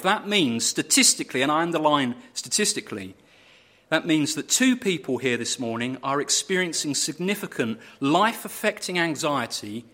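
A man preaching a sermon in a church, earnest and measured, building his points through steady repetition. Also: on the high side.

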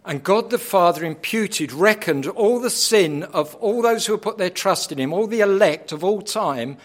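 High-voiced man preaching dramatically. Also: lively intonation, moderate pace. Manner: dramatic, swinging from hushed to loud. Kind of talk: sermon.

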